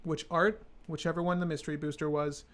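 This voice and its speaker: Male streamer, higher-pitched voice, casual and sarcastic, chatting with a live audience. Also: flat delivery, brisk, fairly bright tone. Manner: joking, sarcastic, talks to chat.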